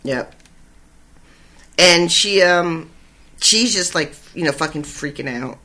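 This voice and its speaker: A podcast co-host chatting casually about a book chapter, excited and swearing freely. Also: mid-range voice, slow. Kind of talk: casual chat recapping a book.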